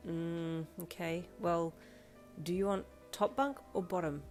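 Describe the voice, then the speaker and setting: A woman's voice: on the low side, steady tone, takes it slowly, a little mellow, faint music behind. A woman voicing a friendly, easygoing young female classmate.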